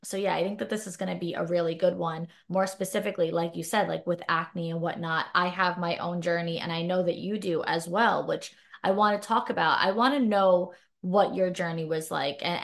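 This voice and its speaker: A young woman hosts a podcast interview, her voice sitting on the low side. She talks in a loose, casual way and fills her sentences with "like.". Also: vocal fry, a bit bright. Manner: casual, many filler "like"s. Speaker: podcast host.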